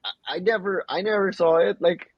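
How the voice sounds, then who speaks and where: A man's voice: high-pitched, brisk, slightly rough, dry recording, dull audio. A young man co-hosting a podcast, telling funny stories in casual chat, slipping between English and Tagalog slang and laughing often. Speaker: podcast co-host.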